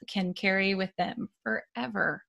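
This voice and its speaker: A woman's voice: medium pitch, unhurried, gravelly, bright, forceful tone. A woman in casual conversation, speaking in a supportive, affirming way.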